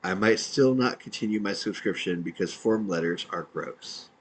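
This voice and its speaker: A man's voice: lowish voice, moderate pace, poor audio. A man, an independent podcaster, reading out his own messages in a dry, matter-of-fact way.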